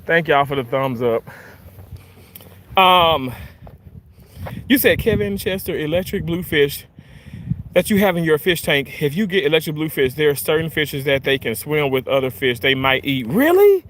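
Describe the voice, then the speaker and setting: A man's voice: fairly high pitch, moderate pace, long pauses, a bit bright, slight background noise. A man in his thirties from Mississippi with a Southern accent, chatting casually on a livestream, reading comments aloud and laughing often. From Mississippi, USA. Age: 30s. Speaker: livestream host.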